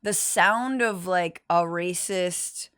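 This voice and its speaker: A woman co-hosting a podcast, wisecracking quickly in casual chat. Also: on the low side, a bit bright, smooth. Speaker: podcast co-host.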